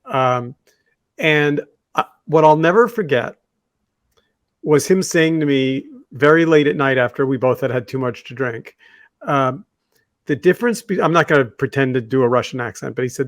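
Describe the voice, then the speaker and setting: A man's voice: mid-range voice, moderate pace, dry recording. A man co-hosting a talk show, telling stories in a rambling, conversational way. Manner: conversational storyteller, rambling with fillers and restarts. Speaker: podcast co-host. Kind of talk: casual discussion.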